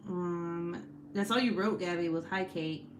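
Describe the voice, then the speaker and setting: A woman's voice: lowish voice, unhurried, noisy background. Joking, foul-mouthed young woman streamer. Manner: loud, joking, swears a lot, laughs often. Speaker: livestream host reading chat. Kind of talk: casual livestream chat.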